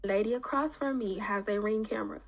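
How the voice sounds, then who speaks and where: A woman telling her own story in a casual, animated, profane and blunt way. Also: mid-range voice, fairly quick.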